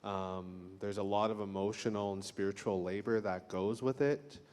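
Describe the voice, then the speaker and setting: A man with a low, even and smooth voice offers heartfelt public thanks, pausing and restarting softly. His words carry a long reverb from a large hall. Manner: soft-spoken, halting with restarts. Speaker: event speaker giving thanks. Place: lecture hall.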